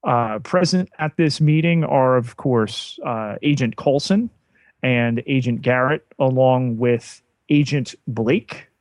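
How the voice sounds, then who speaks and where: A man co-hosting a podcast, recapping an episode in a measured, deliberate way. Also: mid-range voice, no room sound. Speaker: podcast co-host.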